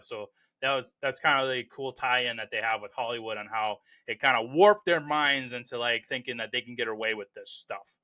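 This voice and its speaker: Speaking at normal speed with a mid-range, fairly bright voice and lively intonation, this movie review host chats casually about a film. He's enthusiastic and rambling, leaning heavily on "you know" and restarting often.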